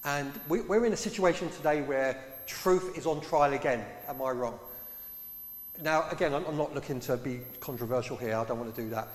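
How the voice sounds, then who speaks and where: A man's voice: mid-range voice, a little fast. A man preaching a sermon in a conversational way, putting questions to his congregation. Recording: echoey hall.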